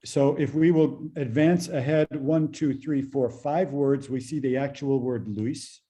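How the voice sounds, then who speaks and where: A man leads a language class over a video call, his voice very dark and mellow at a middle pitch. He explains patiently, slowing down on key words and padding with fillers. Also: steady tone. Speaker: teacher of Classical Armenian.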